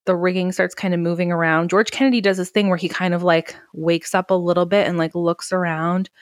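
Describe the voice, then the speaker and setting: A woman co-hosting a podcast, recapping a movie plot in casual chat, full of "like" and quick asides. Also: fairly low pitch, fairly even intonation, no echo, clean studio sound. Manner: chatty, recaps plot with frequent "like" and laughs. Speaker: podcast co-host.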